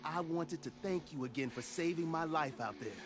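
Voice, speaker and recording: A man's voice: a little high, normal speed, lightly acted. An actor playing a grateful male villager in a video game, speaking earnestly, with game music behind him. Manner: earnest, sincere.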